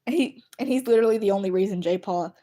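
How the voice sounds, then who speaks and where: A woman's voice: medium pitch, quick pace. A woman streaming live, chatting casually and giggling often as she talks to her viewers. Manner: giggly, laughs between sentences; animated, addresses viewers. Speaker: livestreamer. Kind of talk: casual chat.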